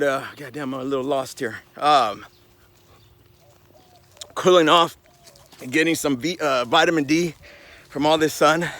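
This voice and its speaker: A man's voice: a little high, fairly bright tone. A man doing a rambling comedy nature-walk vlog, out of breath and sighing between lines. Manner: breathless, rambling, Southern-flavored slang. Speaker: vlogger doing a comedy skit. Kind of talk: casual mock nature vlog.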